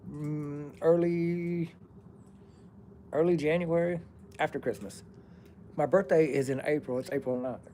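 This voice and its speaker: A man's voice: a little high, mellow, a little hiss or hum. Rambling man telling a story. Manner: rambling, profane, drawling. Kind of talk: casual personal storytelling.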